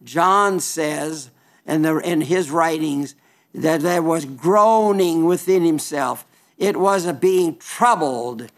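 A man with a creaky voice preaches a sermon in an emphatic, folksy style. He quotes scripture in King James wording and drops into low, wry asides.

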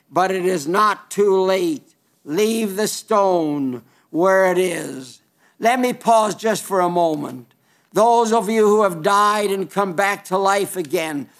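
A man preaching a sermon, emphatic and folksy, quoting scripture in King James wording and dropping into low, wry asides.

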